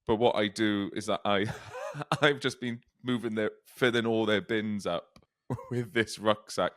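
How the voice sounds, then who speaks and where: Male comic co-host, chatty and giggly, mid-pitched, dry studio sound. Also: a little slow, fairly bright tone, no echo. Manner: laughs often mid-story, chatty. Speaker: comedian podcast co-host. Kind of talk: casual comedy chat.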